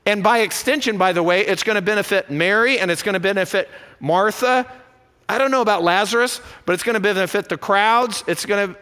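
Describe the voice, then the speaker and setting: Man, pastor, sermon, high voice, bright tone, animated questions. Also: brisk, clear, resonant tone, long reverb tail. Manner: animated, asks rhetorical questions. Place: church sanctuary.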